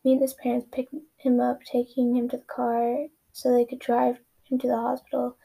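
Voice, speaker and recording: A woman's voice: a little high, monotone, normal speed, vocal fry, warm tone, slightly rough, low-quality recording. A young woman casually reading her own story aloud, often correcting herself and dropping into whispered asides. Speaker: reader of her own fan fiction.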